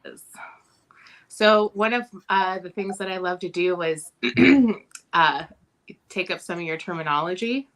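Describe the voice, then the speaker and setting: A woman's voice: lowish voice, animated, moderate pace, a bit bright. A woman hosting a casual livestream chat, teasing her co-host and greeting viewers by name.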